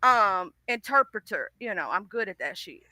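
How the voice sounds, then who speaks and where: Bright, folksy Southern woman. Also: mid-range voice, animated, dry recording. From Deep South, US. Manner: folksy, teasing, drawn-out explanations. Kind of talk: casual chat.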